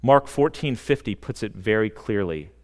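A man with a fairly low voice delivers a sermon in a church sanctuary. He speaks earnestly and stresses key words, letting dramatic pauses hang. The sound carries a long, reverberant hall tail. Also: animated. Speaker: pastor.

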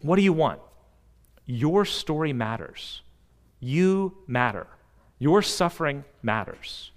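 A man preaching a sermon as a pastor. He delivers it earnestly, swelling to emphatic peaks and dropping to hushed, slow passages. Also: on the high side, very animated, long reverb tail.

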